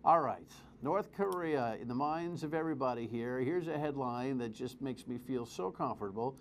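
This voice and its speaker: A man's voice: mid-range voice, normal speed, few pauses, slight background noise. A man hosting a talk radio show, delivering a sarcastic, opinionated monologue. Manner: sarcastic, animated, mocks with repeated phrases.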